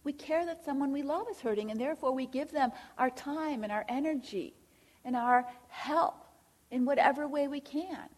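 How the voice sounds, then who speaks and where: A woman's voice: sits high, normal speed. A middle-aged woman giving an earnest faith-based teaching talk as a Christian counselor, speaking directly and asking rhetorical questions.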